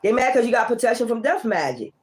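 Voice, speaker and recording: A woman giving a casual tarot reading, blunt, profane and confrontational, moving between loud outbursts and low muttering. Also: big pitch swings, quick pace, slight background noise. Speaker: tarot reader.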